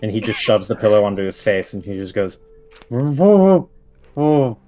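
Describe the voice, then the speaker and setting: A man's voice: lowish voice, level tone, quick pace, darkish tone, soft background music. Man narrating a tabletop game casually. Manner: casual, chuckling storytelling with many fillers. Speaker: game master.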